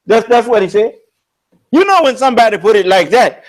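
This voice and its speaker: American preacher guy, fired up and defiant, voice swinging up and down, kinda high. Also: big pitch swings, fairly quick. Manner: emphatic, confrontational preaching. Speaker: religious leader and teacher. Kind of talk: preaching on scripture.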